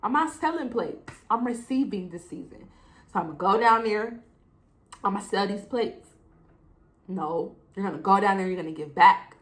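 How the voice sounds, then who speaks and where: A woman's voice: mid-range voice, expressive, moderate pace, a bit bright, rough recording. A young adult woman hosting a solo podcast, talking emotionally and preachily and acting out her talks with God. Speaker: podcast host. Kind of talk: casual solo podcast talk.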